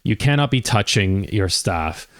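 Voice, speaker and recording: Slow-talking older man, retired chef. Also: fairly low pitch, lively intonation, no room sound, clean studio sound. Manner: unhurried, chuckling, hesitant restarts. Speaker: retired chef reacting to a show. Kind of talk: casual reaction commentary.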